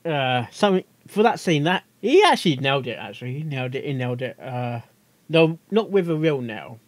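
A man's voice: medium pitch, very animated, fairly quick, a little hiss or hum. A man hosting a casual reaction video, chatty and giggly, often tripping over his words.

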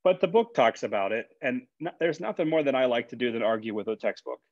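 A man's voice: medium pitch, expressive, fast talker, darkish tone, no room sound. A man, a college instructor, giving a conversational classroom lecture with fillers and repeated words. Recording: dull, dry lecture recording.

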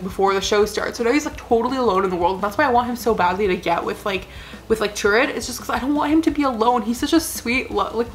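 A woman's voice: mid-range voice, fairly bright tone, slight background noise. A young adult woman chatting casually as a vlogger, rambling earnestly with lots of "like" fillers. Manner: rambling, full of "like" fillers, gushing; emotional, earnest. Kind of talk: casual chat.

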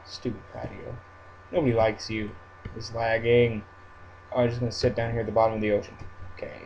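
A man's voice: medium pitch, little pitch movement, fairly quick, vocal fry, darkish tone. A hyper young-sounding man rambles through his own game commentary, cracking goofy jokes along the way. The audio is dull and lo-fi, with a faint hiss underneath. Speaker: Minecraft let's-play vlogger.

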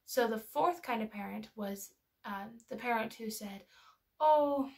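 Gravelly-voiced mom explaining parenting. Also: female voice, a little high, fairly even intonation, normal speed. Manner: chatty, storytelling, lots of filler words. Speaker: mother teaching parents. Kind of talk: casual educational talk.

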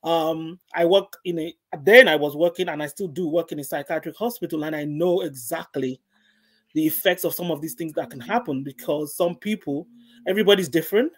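A woman's voice: low voice, a little fast, slightly rough. A middle-aged woman, a guest, gives an earnest personal faith testimony and repeats phrases for emphasis.

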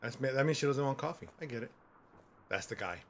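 Man, forties, gaming streamer: joking, swearing, very lively delivery. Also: medium pitch, a little fast, a little hiss or hum. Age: 40s. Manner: joking, loud and swearing, talks to characters on screen. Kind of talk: gameplay commentary.

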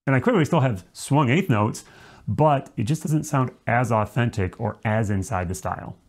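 In a mid-range voice at a moderate pace, a man walks through the rules of a music lesson step by step. Every so often he sings short syllables to demonstrate a point.

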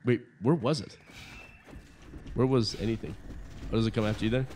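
A young man chatting casually while playing a video game with a friend, animated and rambling, laughing often. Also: mid-range voice, brisk, slight background noise. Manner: animated, laughs a lot, rambling with many fillers. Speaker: let's play co-commentator. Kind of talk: casual gaming chat.

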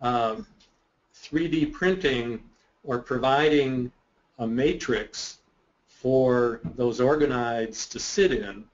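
A man answering questions as a guest expert in a webinar, explaining in a measured way with a touch of self-deprecating humor. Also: medium pitch. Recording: muffled webinar audio.

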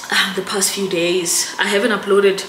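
A young woman with a South African accent talks casually to camera. She is chatty and emotional and keeps calling out to her viewers. The sound is roomy, with steady noise behind her. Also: mid-range voice, moderate pace. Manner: chatty and emotional, often addressing viewers as guys. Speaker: vlogger. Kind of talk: casual vlog chat to camera. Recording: echoey room with background noise.

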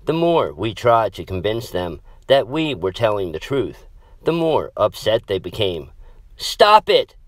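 Slow, low-voiced male horror narrator. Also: very animated, no room sound. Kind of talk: scripted horror story narration.

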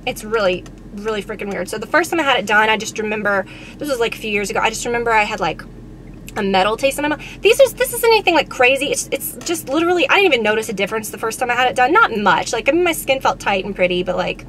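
A woman's voice: fairly high pitch, expressive, fast talker, a bit bright, a little hiss or hum. A young woman, chatting casually and telling a story full of fillers while she sits in a car. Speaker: beauty vlogger. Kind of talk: casual chat while driving.

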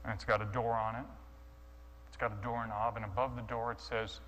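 A man's voice: lowish voice, flat delivery, brisk, a bit bright. A man telling a dramatized sermon story, acting out his own thoughts with stammering restarts, heard in an echoey hall with a faint hum. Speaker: guest speaker.

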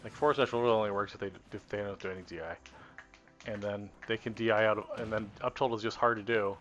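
A man with a lowish, bright, forceful voice rambles to himself as he tests game combos on a live stream, trailing off and restarting his thoughts. The audio is dull and lo-fi, with faint game music underneath. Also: steady tone, fast talker. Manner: rambling, self-correcting, talks to himself while testing. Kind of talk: casual live-stream commentary while playing.

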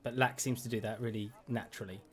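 A man's voice: on the low side, fairly even intonation, fast talker. A man playing his character in a tabletop game, politely courteous and a little flustered. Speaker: player. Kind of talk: in-character role-play.

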